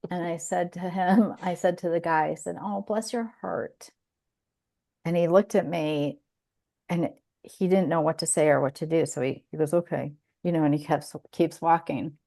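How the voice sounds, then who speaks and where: A woman with a gravelly, slightly low voice co-hosts a podcast in relaxed conversation. She tells stories loosely, laughs often and stops to restart her sentences. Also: normal speed. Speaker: podcast co-host. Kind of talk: casual chat.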